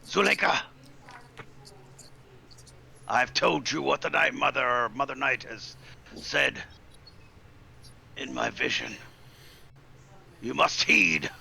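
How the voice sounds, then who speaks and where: A man's voice: medium pitch, slow, creaky, pauses often, sharp tone, heavily acted. A man doing a solemn dying werewolf elder. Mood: commanding. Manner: solemn, commanding proclamations.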